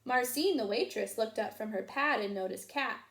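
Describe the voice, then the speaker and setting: A woman reading a children's picture book aloud in an expressive, sing-song storytelling manner. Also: a little high, moderate pace, vocal fry. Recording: roomy echo.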